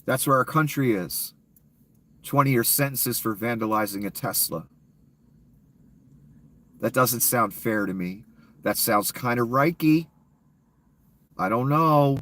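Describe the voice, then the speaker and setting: A man's voice: mid-range voice, slow pace, long pauses, fairly bright tone. A man with a cold ranting sarcastically and profanely as a YouTube commentator, in a casual off-the-cuff style. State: ill, coughing.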